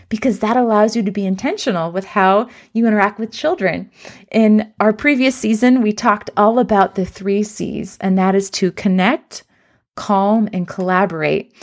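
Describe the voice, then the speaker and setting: A young adult woman with a mid-range voice hosts an educational parenting podcast. She speaks gently and encouragingly, modeling soothing phrases for children.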